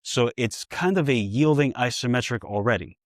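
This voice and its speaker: A man with a New York accent, working as a therapist and coach, demonstrating exercises with brisk repeated cues and joking asides to viewers. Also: mid-range voice, no room sound, studio quality.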